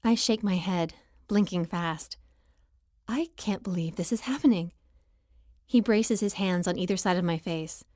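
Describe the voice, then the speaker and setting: A woman narrating a first-person romance audiobook in an emotional, expressive reading. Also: mid-range voice, unhurried, no echo, clean studio sound.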